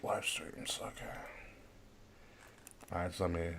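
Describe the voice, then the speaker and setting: Low-voiced laid-back podcast host man. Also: unhurried, vocal fry, a little hiss or hum. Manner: relaxed, mutters while fixing tech. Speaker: podcast host running a live stream. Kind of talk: casual live-stream chat.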